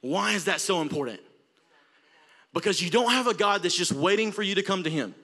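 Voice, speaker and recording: A young man from Alabama with an Alabama accent preaching a sermon in a church auditorium, passionate, swelling from quiet talk to near-shouting. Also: sits high, lively intonation, a little fast. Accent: Southern US, Alabama. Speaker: youth preacher.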